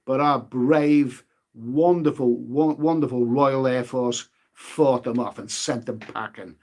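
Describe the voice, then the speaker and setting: A man's voice: medium pitch, steady tone, slow, darkish tone. A man hosting a travel live stream in a casual, rambling way, repeating his words and leaning on fillers. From United Kingdom.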